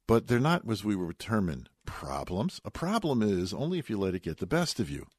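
A man's voice: on the low side, big pitch swings, fairly quick, darkish tone, husky, no room sound. A man giving a sermon on the weekly Bible portion, telling it as a story with folksy asides and Hebrew words mixed in. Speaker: rabbi giving a weekly Torah talk.

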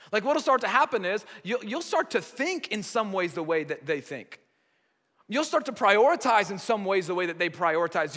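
American male pastor, bright tense voice, chatty repetitive sermon delivery. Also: high voice, long reverb tail. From United States. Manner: conversational, repeats phrases for emphasis.

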